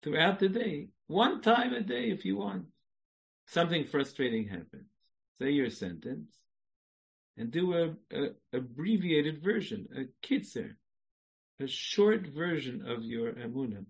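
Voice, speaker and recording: Guy giving a slow religious talk, laughs a lot, gets loud and sings, unhurried pace. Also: a little high, creaky, breathy edge, poor audio. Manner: animated, laughs and sings, repeats phrases. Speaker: Jewish lecturer. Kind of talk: spoken religious lecture.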